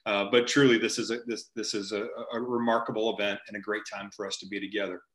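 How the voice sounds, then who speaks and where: Bright-voiced earnest man in an echoey room. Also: on the low side, little pitch movement, fast. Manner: earnest, repeats and restarts phrases. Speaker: ministry huddle host. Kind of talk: prayer and earnest storytelling. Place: home, virtual meeting.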